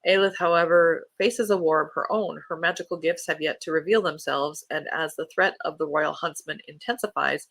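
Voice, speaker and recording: A book podcast host chatting casually and reading new-release blurbs aloud in an even storytelling way. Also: mid-range voice, moderate pace, creaky, few pauses, dry recording.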